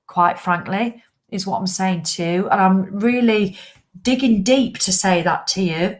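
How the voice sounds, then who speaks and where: A woman's voice: mid-range voice, lively intonation, unhurried. A middle-aged woman, a fitness coach, talking straight to her followers in a casual live video with blunt, impassioned swearing.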